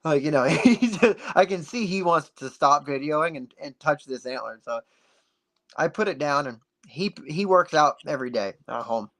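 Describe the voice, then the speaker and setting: A man guest on a podcast, telling a story in a casual, animated way and acting out the dialogue. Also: on the high side, moderate pace. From United States. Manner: animated, acts out dialogue with many "like"s.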